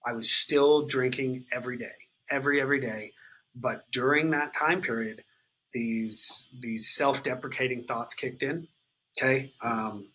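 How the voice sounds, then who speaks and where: A man's voice: mid-range voice, steady tone, unhurried, bright, forceful tone, husky, rough recording. A man, candidly telling his recovery story in an interview, swearing freely and filling with "like" and "um". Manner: raw, unfiltered, swears freely, many fillers like "like" and "um".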